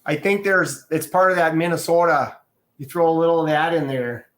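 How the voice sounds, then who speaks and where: A man's voice: on the high side, moderate pace, fairly bright tone, echoey room, rough recording. A man chatting casually on a livestream from his garage into a phone, rambling and thinking aloud with easy chuckles. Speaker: livestream co-host. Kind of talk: casual chat. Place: garage, indoors.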